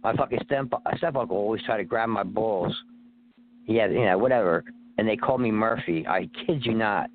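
A man's voice: fairly low pitch, fairly quick, a little hiss or hum. A man calling in to a talk radio show, talking in a rambling, profane, streetwise way. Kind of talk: casual phone-in chat. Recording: tinny phone line.

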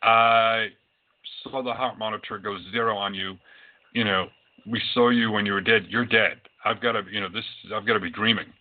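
A man's voice: fairly low pitch, steady tone, moderate pace. A man who works as a psychic medium, telling his own experiences in a loose, rambling way with many fillers. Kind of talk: casual storytelling talk. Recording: tinny phone-like audio.

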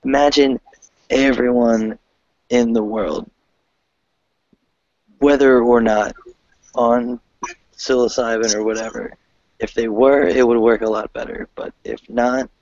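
A man talking in a casual group video call, rambling and excitable, often breaking into laughter. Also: medium pitch, takes it slowly, pauses often, no echo. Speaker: host. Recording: dull lo-fi video call audio.

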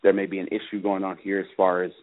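A man with a fairly low voice calls in over a thin, tinny phone line. He speaks earnestly and haltingly, with plenty of ums and uhs, as he recounts what happened to him. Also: monotone. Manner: earnest, halting, many fillers. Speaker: father calling in about his case. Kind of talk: personal account on a call-in radio show.

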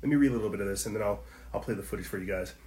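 An online commentary host with a lowish, slightly mellow voice talks rapid-fire in a reverberant space. His impassioned livestream commentary fires off rhetorical questions and slangy asides aimed at his viewers.

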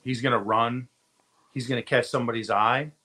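A man's voice: mid-range voice, fairly even intonation, normal speed, sharp tone. A man co-hosting a casual sports chat, easygoing and teasing. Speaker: podcast co-host.

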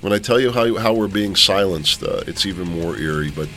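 A man's voice: sits low, fairly quick, sharp tone, soft background music. A man hosting a commentary show, reading an article aloud and riffing on it in a rambling way. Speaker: podcast host. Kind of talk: political commentary monologue.

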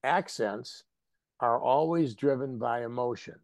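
A man from the American Midwest, an actor and guest, telling anecdotes in a casual interview in an animated way. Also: medium pitch, unhurried, creaky, dry recording. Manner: animated, anecdotal, drops into acted voices.

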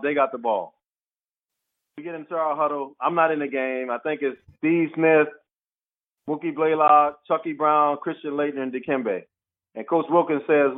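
This ex-pro basketball player has a fairly high voice and a moderate pace as he shares anecdotes during an interview. He's lively and acts out what people said, though the audio comes through tinny, like a phone call.

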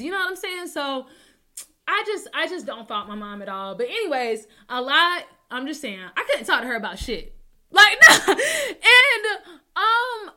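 A woman's voice: fairly high pitch, bright, forceful tone. A woman hosting a casual call-in talk show alone, speaking openly and emotionally after a few drinks, often asking listeners whether they follow her. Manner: candid and chatty, often asks listeners to agree.

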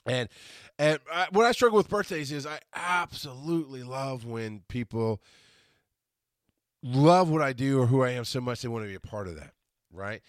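A man's voice: medium pitch, normal speed, no room sound, clean studio sound. A man in his forties hosting a podcast, talking on his own in a casual, rambling way, often restarting and correcting himself. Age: 40s. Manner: rambling, restarts and self-corrections, animated when quoting others. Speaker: podcast host. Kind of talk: casual solo monologue.

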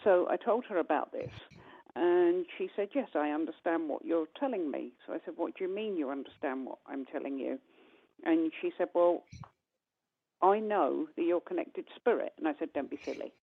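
A woman, a guest medium, telling a long personal story on a call-in radio show and acting out the dialogue with animated voices. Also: low voice, normal speed. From United Kingdom. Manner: animated, acts out quoted dialogue. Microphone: telephone. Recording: tinny phone line.

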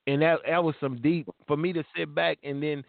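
50대 남성, 거칠고 갈라진 목소리로 속어를 섞어 열정적으로 말함, 전화선처럼 가늘고 건조한 음질. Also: male voice, a little high, little pitch movement, brisk, vocal fry, no echo. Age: 50s. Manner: emphatic, slangy, fired-up storytelling. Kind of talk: casual podcast chat. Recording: tinny phone-line sound, dry.

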